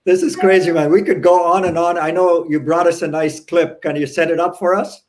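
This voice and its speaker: Enthusiastic male co-host, slightly high voice. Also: flat delivery, fairly quick, darkish tone. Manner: enthusiastic, short reactions. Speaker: co-host interviewer. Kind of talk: casual interview chat.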